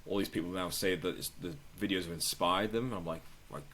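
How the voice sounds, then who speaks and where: A man, a travel video maker, chatting casually as a podcast guest, relaxed and swearing freely. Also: fairly quick, slight background noise. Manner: relaxed, swears casually, acts out quoted people in higher voices. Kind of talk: casual interview chat.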